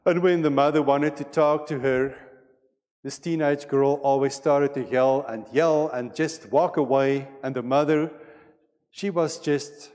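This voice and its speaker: A man preaching a sermon as pastor, with a measured and deliberate delivery in a church sanctuary. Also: a little high, fairly even intonation, a little mellow. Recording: long reverb of a church hall.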